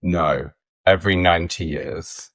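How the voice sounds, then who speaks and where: Low-voiced rambling podcaster. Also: male voice, fairly even intonation, measured pace, fairly bright tone, no echo. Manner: rambling, full of ums and likes. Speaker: podcast co-host. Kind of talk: casual podcast chat.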